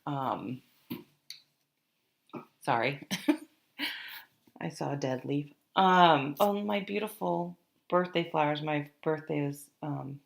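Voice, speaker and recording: A woman's voice: sits low, takes it slowly, creaky, pauses often. A woman giving a casual, rambling tarot reading to her viewers, with many fillers and restarts. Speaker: tarot reader.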